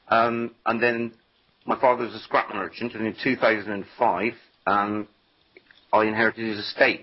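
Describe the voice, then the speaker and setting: Male radio guest, low husky voice, muffled lo-fi line, hesitant delivery. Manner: hesitant, frequent ums. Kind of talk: casual interview talk. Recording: dull lo-fi internet radio.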